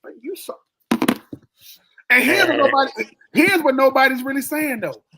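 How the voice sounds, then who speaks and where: A man co-hosting a casual sports podcast, talking in an animated, joking way and acting out the people he quotes. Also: very high-pitched, moderate pace, low-quality recording. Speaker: podcast co-host.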